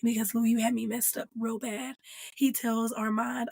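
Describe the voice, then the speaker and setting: Animated woman gushing over a TV episode. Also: on the high side, unhurried, vocal fry, breathy edge. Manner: animated and emphatic, acting out characters' lines and calling them "girl". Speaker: host reviewing a TV episode. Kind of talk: casual chatty TV recap.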